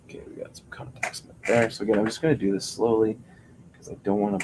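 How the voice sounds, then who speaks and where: A man's voice: on the low side, little pitch movement, fast talker, background noise. A man chatting casually on a livestream while building a puppet, rambling and joking as he thinks aloud about each step. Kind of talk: casual livestream craft chat.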